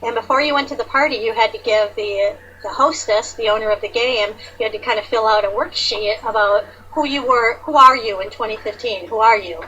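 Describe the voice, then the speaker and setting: A woman in casual conversation, telling a personal story in a chatty, animated way with many fillers. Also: fairly high pitch, fairly quick, hardly any pauses, muffled recording, a little hiss or hum. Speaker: guest sharing awakening story.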